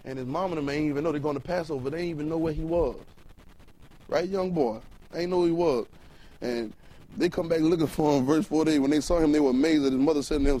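A man's voice: mid-range voice, fairly even intonation, fast talker, mellow, rough recording. A male preacher giving a sermon in a loose, colloquial way. He repeats words as he builds a point, reads scripture, and keeps asking the congregation questions. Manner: colloquial, fires rhetorical questions at the room. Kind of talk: sermon with Bible reading.

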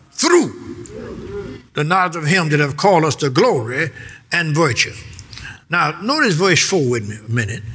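A man's voice: high voice, sharp tone. A man preaching a sermon, emphatic and repetitive, reading verses and calling on the congregation to answer back.

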